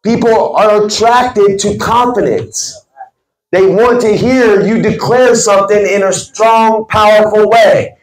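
A man's voice: high-pitched, fairly even intonation, slow pace. A man giving a motivational talk to a sales team, stressing his words with an emphatic, preacherly cadence. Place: team meeting room. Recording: echoey meeting room.

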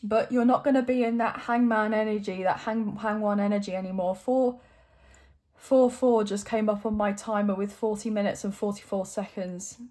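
A woman's voice: medium pitch, steady tone, moderate pace, a little mellow. A young adult woman giving an encouraging, emotional tarot reading to her viewers, at times choked up. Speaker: tarot reader.

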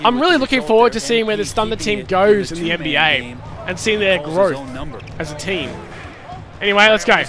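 A man commentating his own basketball video game, cheering plays loudly and chatting casually to viewers. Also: sits high, animated, brisk, a crowd in the background. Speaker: gaming YouTuber. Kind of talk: live gameplay commentary.

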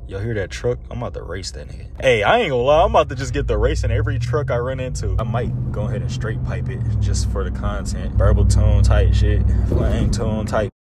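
Brief: young male car vlogger, deep-ish, loose slang, traffic noise around. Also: a little fast, hardly any pauses. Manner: slangy, profane, laid-back. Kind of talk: casual vlog while driving. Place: in and around a pickup truck, outdoors.

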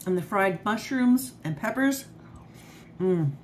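A woman's voice: mid-range voice, lively intonation, measured pace. Woman chatting thru her home cooking vlog, eats on cam, talks w her mouth full, bit of faint kitchen hum. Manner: chatty, self-praising, eats on camera while talking. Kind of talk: casual cooking and eating vlog.

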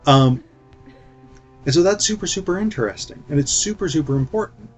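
Heard on a dull, lo-fi recording with faint music behind, a film reviewer chats about movies. His voice is medium in pitch and darkish, and his flippant commentary is full of fillers.

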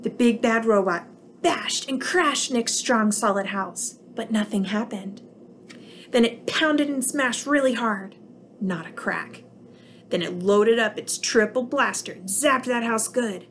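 A woman who teaches preschool, reading a picture book aloud to young children with expressive storytelling. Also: a little high, unhurried, slight background noise.

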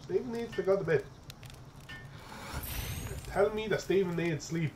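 A young man giving casual let's-play commentary, excitable and profane, chattering to his in-game pet as he plays. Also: sits high, moderate pace, pauses often, a little hiss or hum. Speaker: gaming streamer.

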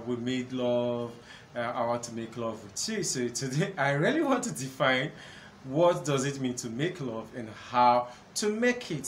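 A man hosting a solo talk on relationships, earnest and conversational, often pausing with fillers. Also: medium pitch. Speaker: host, counselor. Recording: echoey room with faint background noise.

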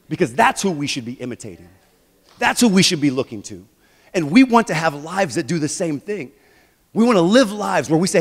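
Animated male pastor preaching in a hall. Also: high voice, fairly quick. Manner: animated preaching, shifts between quiet and loud. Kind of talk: sermon. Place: church sanctuary.

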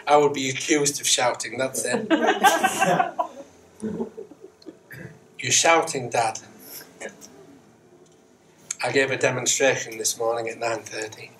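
Middle-aged minister preaching from afar. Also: male voice, mid-range voice, big pitch swings, normal speed, a bit bright. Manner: conversational, self-mocking humour and repeated rhetorical questions. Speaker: Methodist minister. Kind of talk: Sunday sermon. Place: church sanctuary, indoors. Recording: distant church mic with faint hiss.

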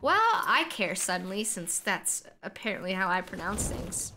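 A woman's voice: mid-range voice, very animated, moderate pace, pushed and bright, slight background noise. A young woman from North America chatting casually while streaming a game, rambling with restarts and frequent giggles. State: voice cracking. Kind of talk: casual gameplay commentary.

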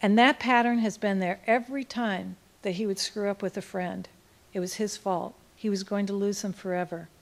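A woman speaking at a conference in an auditorium, telling a case story and reading quotes with feeling, going soft and slow at the tender lines. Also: medium pitch, steady tone.

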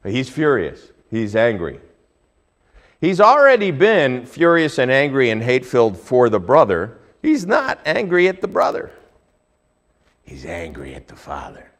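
A male pastor preaching a sermon, telling a Bible story with lively swings between hushed and loud delivery. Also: mid-range voice, measured pace.

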